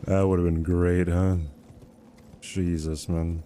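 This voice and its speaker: A man's voice: low-pitched, flat delivery, slow, pauses often, mellow, a little hiss or hum. A young man livestreaming a game, chatting in a rambling, self-deprecating way and laughing often. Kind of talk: casual chat while gaming.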